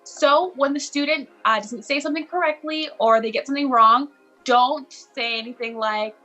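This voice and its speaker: Bright upbeat woman mentor. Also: sits high, normal speed, lo-fi sound, faint music behind. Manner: upbeat, encouraging. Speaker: online teaching mentor. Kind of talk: instructional video chat.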